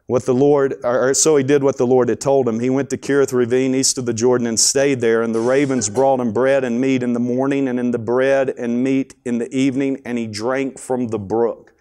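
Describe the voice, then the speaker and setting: A man's voice: mid-range voice, little pitch movement, fairly quick, hardly any pauses, mellow. A man preaching a sermon at a school chapel in a folksy, conversational storytelling manner.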